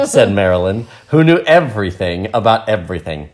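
A man reading a picture book aloud and explaining words in a relaxed, playful way. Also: fairly low pitch, measured pace. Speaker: storyteller and English teacher.

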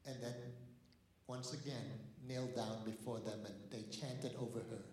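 A man from Cambodia giving a sermon testimony as a guest missionary, telling his story and swelling into impassioned pleading. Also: mid-range voice. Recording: echoey church room.

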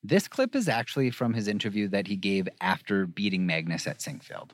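Low-voiced man podcast host. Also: very animated, a little fast, no room sound, clean studio sound. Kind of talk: scripted narration.

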